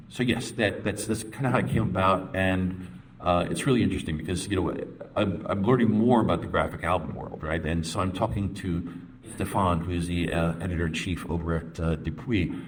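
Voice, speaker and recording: A middle-aged man answering a panel question at length, in an animated, rambling way with quoted voices. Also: low-pitched, moderate pace, slight background noise. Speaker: comics panelist.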